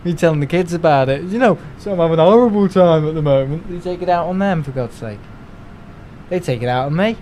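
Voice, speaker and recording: Give me a rambling young man, high-ish voice, talking casually to his stream. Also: quick pace, a little mellow, a little hiss or hum, rough recording. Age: young adult. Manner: rambling, grumbling, mimics other people in asides. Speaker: live streamer. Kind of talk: casual live-stream chat.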